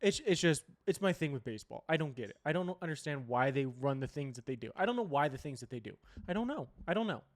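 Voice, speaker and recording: A man's voice: a little high, sing-song, quick pace, few pauses. Rambling, profane young man talking sports. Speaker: sports podcast host. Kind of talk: casual sports talk.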